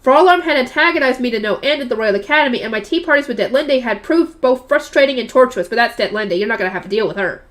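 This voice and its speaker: A young woman reading a novel aloud and breaking off into chatty, loud reactions and questions to her audience. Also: on the high side, animated, quick pace, few pauses. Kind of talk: book reading with casual commentary.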